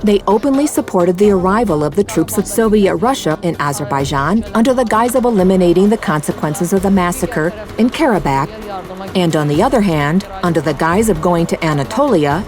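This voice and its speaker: A woman giving calm, explanatory scripted narration for a historical documentary. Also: on the low side, brisk. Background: music.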